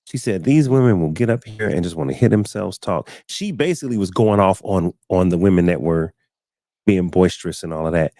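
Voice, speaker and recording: A man's voice: low voice, a little fast, vocal fry, mellow, no echo, clean studio sound. A man hosting a casual live-stream talk show, telling stories and acting out what other people said, often repeating words as he finds his thought. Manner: storytelling, acting out quoted people.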